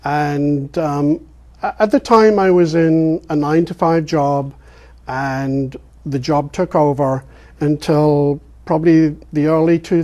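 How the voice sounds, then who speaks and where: An older man from England with an English accent that keeps its R's, answering interview questions as a guest in a rambling storytelling way with many ums and pauses. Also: a little high, mellow. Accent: English, pronouncing his R's. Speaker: guest, real estate investor.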